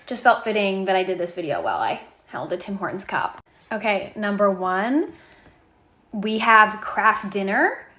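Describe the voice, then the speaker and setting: Canadian woman, relaxed selfie chat, mid pitch, quotes others. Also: unhurried. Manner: chatty, quotes others in conversation. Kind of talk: casual talk to camera.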